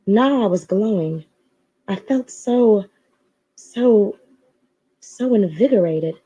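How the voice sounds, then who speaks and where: A woman reading a novel aloud with a mellow, dark tone and a middling pitch. Her telling is expressive and steady, with her own asides slipped in. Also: highs cut off. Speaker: story reader.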